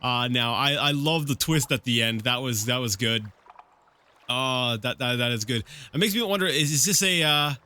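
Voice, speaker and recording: Brief: male let's play host, animated read-aloud, bright tone, stumbling and chatty. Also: mid-range voice. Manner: stumbles over words, animated asides. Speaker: let's play host reading an in-game book. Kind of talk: casual read-aloud with commentary.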